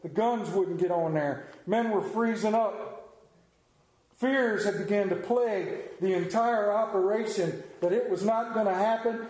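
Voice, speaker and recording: A man preaches a sermon in a church hall, telling his stories with lively energy and putting on voices for the characters. His voice sits fairly high for a man. The sound rings around an echoey room. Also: unhurried. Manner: animated storyteller, acts out voices. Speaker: pastor. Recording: roomy echoing hall.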